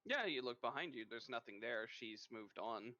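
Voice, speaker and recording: A man with a Norwegian accent narrating a tabletop game as game master in a lively storytelling manner. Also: mid-range voice, moderate pace, dry recording. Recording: muffled lo-fi mic.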